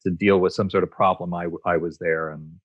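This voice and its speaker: Male guest, low voice, dry close sound, laid-back anecdotal delivery. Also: brisk, dry recording, muffled recording. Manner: relaxed storyteller, many fillers and restarts. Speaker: guest, voice actor and screenwriter. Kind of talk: casual interview chat.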